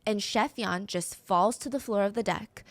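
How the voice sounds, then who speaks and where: A woman's voice: mid-range voice, moderate pace, dry recording. A woman telling a true story in a dramatic way, acting out the voices of the people in it. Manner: dramatic, acts out the screams. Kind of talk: storytelling narration.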